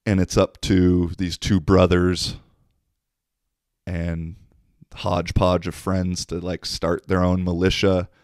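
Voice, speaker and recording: A man's voice: deep voice, completely flat delivery, slow, a little mellow, no echo, clean studio sound. An American man hosting a podcast, telling stories in a laid-back, profane, casual monologue. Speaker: podcast host.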